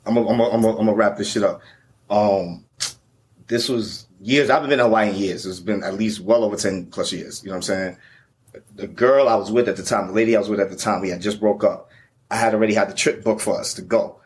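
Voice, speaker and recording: A man's voice: on the low side, steady tone, quick pace. A man, the featured guest, telling a travel story in a casual, profane, slang-heavy way.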